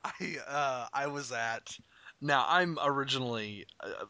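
A man from Arkansas talks in a casual podcast chat, excitable and quick to swear and laugh. His voice is bright and forceful, recorded close and dry with no room sound. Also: mid-range voice, no echo. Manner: excitable, profane, laughs often. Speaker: podcast co-host.

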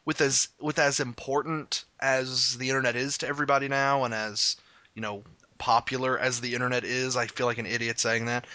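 A man from Arkansas talks in a casual podcast chat, excitable and quick to swear and laugh. His voice is bright and forceful, recorded close and dry with no room sound. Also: mid-range voice, dry recording. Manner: excitable, profane, laughs often. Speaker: podcast co-host.

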